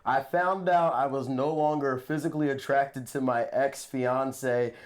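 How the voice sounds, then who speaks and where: A man's voice: medium pitch, fairly even intonation, a little slow. Man, co-host, reading aloud, plain delivery.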